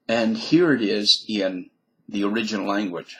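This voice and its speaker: A man's voice: on the low side, normal speed, fairly bright tone, poor audio. A man reading a mathematician's biography aloud who keeps breaking off into wisecracking asides and comments on his own reading.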